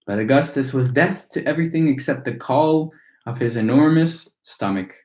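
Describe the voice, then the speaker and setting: A man's voice: medium pitch, normal speed, darkish tone. Man reading a children's book aloud. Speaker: storytime reader. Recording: echoey room.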